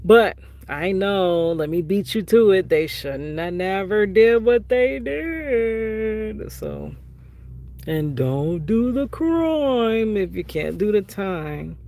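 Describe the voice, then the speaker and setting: A middle-aged woman telling a casual vlog story with a gravelly, creaky voice. She talks at a slow, unhurried pace. She is frank and conversational, retelling exchanges with her family. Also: mid-range voice, animated, warm tone. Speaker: vlogger, prison wife.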